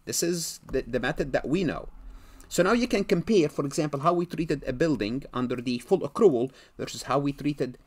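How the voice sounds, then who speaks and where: A man's voice: on the high side, expressive, normal speed. A man giving a recorded accounting lecture, posing questions and answering them himself and repeating key words for emphasis.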